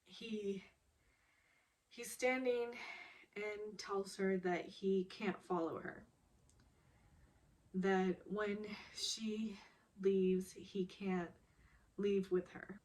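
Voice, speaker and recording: A young woman recaps a drama in a slow, unhurried way, stretching out her words. She gets emotional and giggly as she acts out the characters' lines. Her pitch sits in an ordinary middle range. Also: steady tone, darkish tone. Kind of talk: casual recap monologue.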